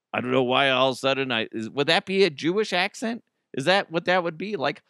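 A man's voice: medium pitch, animated, moderate pace, fairly bright tone, no echo, studio quality. A man hosting a casual podcast from home, rambling, joking and riffing. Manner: rambling, jokey, riffing into silly voices. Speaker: podcast host. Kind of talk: casual solo podcast chat. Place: home basement.

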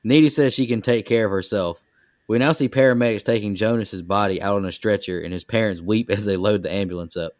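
A man co-hosting a podcast, recapping a movie plot in a steady, plain way. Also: fairly low pitch, fairly quick, no room sound, clean studio sound. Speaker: podcast co-host.

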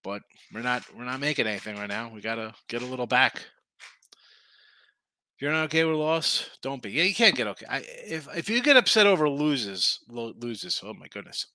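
A man's voice: medium pitch, expressive, fairly quick, pushed and bright, dry recording. A man hosting a sports betting show, rambling in casual talk and often repeating himself.

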